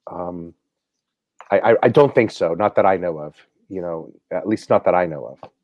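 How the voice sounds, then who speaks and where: A man's voice: low-pitched, moderate pace, no echo, muffled recording. Man, blunt, cursing, dry close sound, live-stream chat. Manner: blunt, swears, repeats words. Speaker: watch stream co-host.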